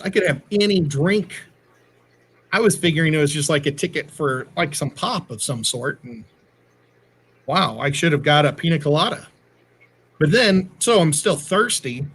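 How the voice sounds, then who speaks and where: A middle-aged man with a fairly high, slightly bright voice carrying a breathy edge co-hosts a livestream. He chats casually and wanders through long, rambling stories.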